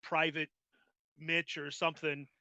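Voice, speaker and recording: A man's voice: fairly high pitch, level tone, measured pace, bright, forceful tone, dry recording. A man hosting a podcast, reminiscing casually and rambling with lots of "like" and restarts. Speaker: podcast host. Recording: dull lo-fi dry sound.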